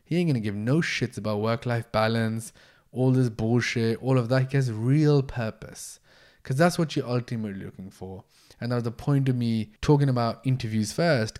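Blunt, swearing man hosting a podcast. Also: mid-range voice. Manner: blunt, swears freely, energetic. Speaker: podcast host, entrepreneur. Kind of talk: casual solo podcast monologue.

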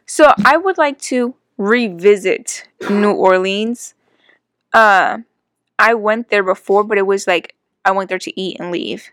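A woman's voice: mid-range voice, a little slow, a bit bright, no room sound, studio quality. A woman chatting casually about travel, with lots of "like" fillers. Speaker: conversation partner. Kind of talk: casual chat.

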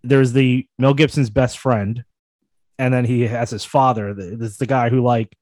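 Male podcast co-host, middle pitch, dry room, self-deprecating and rambling. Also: fairly even intonation, normal speed, darkish tone, no room sound. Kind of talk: casual podcast chat.

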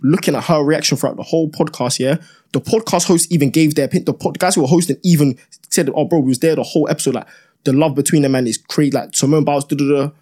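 A man's voice: fairly high pitch, quick pace. A young man, arguing animatedly as a podcast co-host and talking over the others. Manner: animated, repeats "broski" and "bro", talks over others. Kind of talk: heated casual debate.

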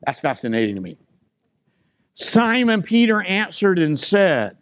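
A man's voice: high voice, very animated, measured pace, pauses often, a bit bright, dry recording, studio quality. A man preaching a sermon as pastor, stressing key phrases by repeating them and putting questions to the congregation.

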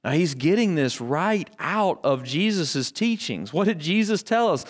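A man's voice: fairly high pitch, lively intonation, measured pace, few pauses. A male pastor preaching a sermon, building emphasis through repetition and rhetorical questions.

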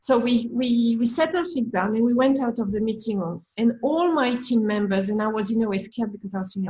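A woman's voice: a little high, brisk, hardly any pauses, a little mellow, low-quality recording. A woman guest who manages a team, talking frankly and reflectively in a conversational storytelling way, with small restarts.

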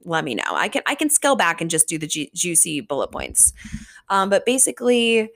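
A woman's voice: lowish voice, wildly swooping pitch, a little fast, vocal fry, fairly bright tone. A young woman hosting a podcast, recapping a book in a chatty, casual way, full of fillers and swearing. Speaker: podcast host. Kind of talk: casual chat.

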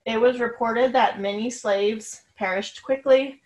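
A woman co-hosting a casual podcast, reading her research notes on a haunted house in a soft, chuckling way. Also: on the high side, steady tone, measured pace. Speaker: podcast co-host. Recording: echoey room.

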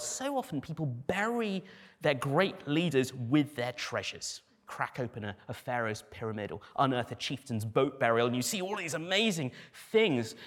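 A man preaching a sermon as pastor, animated, with dry humor and acted quotes. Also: fairly high pitch, big-room sound.

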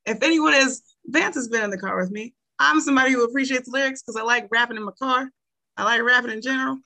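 A woman's voice: fairly high pitch, fast, sharp tone. A woman talking as a podcast guest in casual chat, enthusiastic and laughing often, with frequent hesitations.

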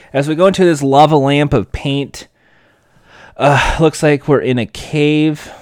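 A man's voice: medium pitch, clear, resonant tone, no echo, studio quality. Sarcastic man riffing on a show. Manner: sarcastic, swearing, joking asides. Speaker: show recapper. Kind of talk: sarcastic comedy recap.

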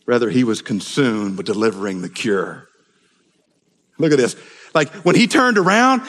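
A man preaching a sermon with passion, dropping to a hush and rising to shouts. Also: mid-range voice. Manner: impassioned, swings between hushed and shouted. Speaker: pastor. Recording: long hall reverb.

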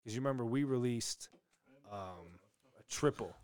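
Young man, mid-pitched everyday voice, casual podcast chat, rambling, restarts, laughs easily. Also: normal speed, darkish tone, clear, resonant tone, no room sound. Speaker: podcast co-host.

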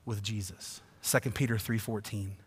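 A man preaching a sermon, swinging from hushed asides to loud, emphatic passages. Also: lowish voice, fairly even intonation, moderate pace, husky. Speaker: pastor. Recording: long reverb of a church hall.

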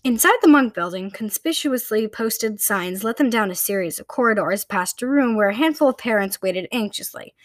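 A woman's voice: fairly high pitch, dry recording, studio quality. Woman reading a children's novel aloud. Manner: plain, unpolished reading with slips and restarts. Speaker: reader.

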